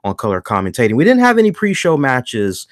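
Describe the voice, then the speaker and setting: A man hosting a wrestling review show speaks fairly quickly at medium pitch, with huge swings in his pitch, in clean studio audio free of room sound. Casual and animated, he dramatizes his reactions, with frequent restarts and repeated words.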